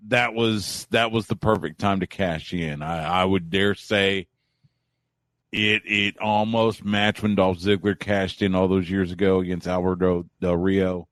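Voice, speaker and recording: A man in Central Texas talking as a guest on a radio wrestling show, relaxed and rambling, often restarting his sentences. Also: low voice, takes it slowly, no room sound. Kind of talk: casual chat.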